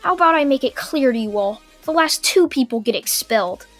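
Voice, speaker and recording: A woman voicing a tired, stern adult male teacher, speaking in a flat, curt way. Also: high voice, a little fast, soft background music.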